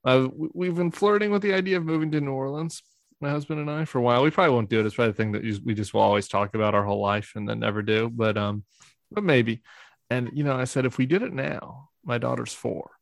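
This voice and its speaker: Podcast guest, 30s male, gravelly, self-deprecating rambler, dry close mic. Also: medium pitch, fast, no room sound. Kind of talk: casual chat.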